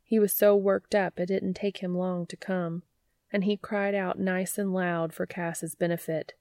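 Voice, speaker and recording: A woman narrating a story in an unhurried, even reading voice. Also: fairly low pitch, no echo. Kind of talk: audiobook narration.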